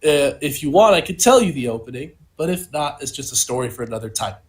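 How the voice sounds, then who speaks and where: A man's voice: mid-range voice, big pitch swings, quick pace. A young man co-hosting a casual podcast, telling a long absurd story in a rambling way full of "like" and "you know". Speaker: podcast co-host and stand-up comedian.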